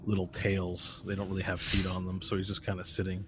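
A man running a tabletop game as game master, narrating scenes vividly with halting pauses and shouted cries. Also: low-pitched, completely flat delivery, loud music behind the voice.

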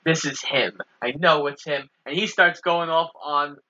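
Man, podcast co-host, sharp bright voice, plot narration with quoted lines; dull lo-fi recording. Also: a little high, unhurried. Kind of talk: casual chat narrating movie plot.

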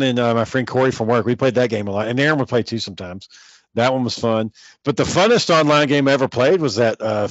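Man, mid pitch, relaxed profane rambler, muffled dry recording. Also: no echo. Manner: laid-back, swears a lot, rambling. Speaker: gamer chatting with a friend. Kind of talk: casual chat.

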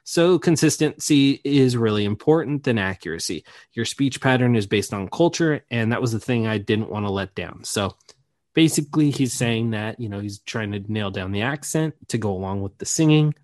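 A man's voice: mid-range voice, lively intonation, moderate pace, darkish tone, no room sound. Man hosting a podcast, dry close sound. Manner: explains at length, trailing restarts. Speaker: podcast host. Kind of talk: casual podcast chat.

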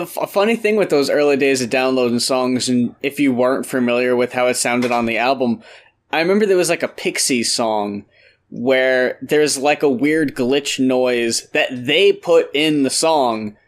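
A man's voice: medium pitch, normal speed. A man co-hosting a podcast, chatting casually in an amused, reflective way. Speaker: podcast co-host. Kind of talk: casual chat.

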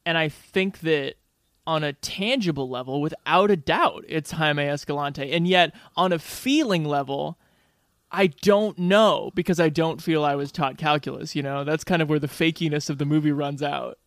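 Male podcast co-host, slightly raised pitch, casual and thoughtful, dry studio sound. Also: moderate pace, a bit bright, dry recording. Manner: conversational, searching for words. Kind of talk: casual film discussion.

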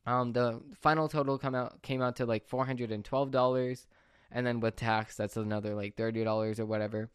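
A man's voice: medium pitch, fairly quick, clear, resonant tone, no echo, studio quality. A young man vlogging, telling a rambling story in casual chat and often correcting himself. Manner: rambling, excitable, self-correcting.

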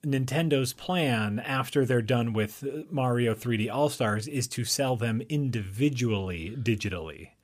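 A man co-hosting a casual podcast talks in an animated way. He uses lots of fillers and laughs easily. His voice is mid-pitched. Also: unhurried, hardly any pauses. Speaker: podcast co-host. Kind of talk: casual chat.

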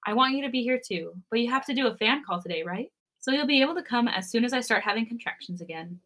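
A woman's voice: fairly high pitch, animated, quick pace. Woman reading as a sweet, cooing pregnant partner. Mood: reassuring. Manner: soft, cooing, reassuring. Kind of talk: reading a fan story aloud.

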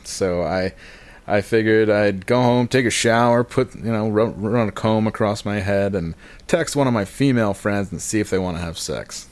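A man's voice: lowish voice, moderate pace. A man telling a rambling, self-deprecating comic story on a podcast, swearing and laughing at himself.

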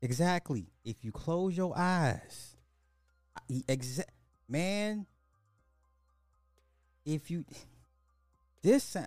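A man hosts a social commentary podcast in a slow, deliberate delivery. His voice sits slightly high, and he leans on blunt repeated rhetorical questions. The sound is dry and close. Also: lively intonation, a little mellow, no room sound, soft background music. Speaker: podcast host.

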